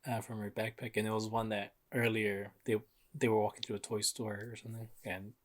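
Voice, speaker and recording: A young man co-hosting a casual podcast, easygoing as he recaps events. He leans on filler words. His voice sits somewhat low. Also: flat delivery, brisk. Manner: laid-back recapping, many fillers like um and like. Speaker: podcast co-host. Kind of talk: casual chat.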